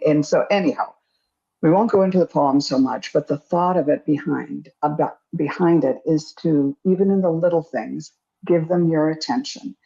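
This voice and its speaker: A woman giving psychic readings over a video call, her voice dark and gravelly. She wanders through her thoughts with pauses and self-deprecating asides. The audio is dull and lo-fi. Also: deep voice. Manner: meandering, hesitant, self-deprecating. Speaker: psychic co-host. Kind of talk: live-stream reading.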